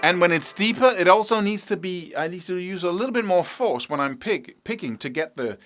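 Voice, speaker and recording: A man's voice: high voice, expressive, a little fast, fairly bright tone. Blunt, emphatic male guitar teacher. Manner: blunt and emphatic, sings note rhythms as "da da da". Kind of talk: casual spoken guitar lesson.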